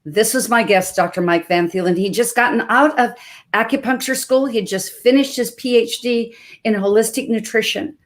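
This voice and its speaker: A woman in her sixties from Montana, a health coach hosting a live webcast, introducing her guest in an expressive, emphatic storytelling manner. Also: fairly high pitch, normal speed. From Montana, USA. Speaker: health coach and show host.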